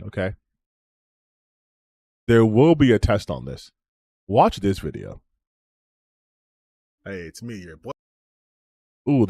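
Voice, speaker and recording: A man's voice: low voice, dark tone, breathy edge, no room sound. A man streamer closing out his stream in a rambling, self-promoting chat, swearing freely as he talks. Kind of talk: casual stream sign-off chat.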